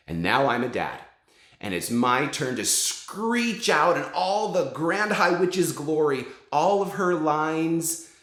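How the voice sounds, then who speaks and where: A man in his forties talks up favorite children's books in an eager, encouraging way. His pitch jumps around lively. A roomy echo hangs on his voice. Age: 40s. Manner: enthusiastic, encouraging. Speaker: book recommender, father. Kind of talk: casual book recommendations to camera.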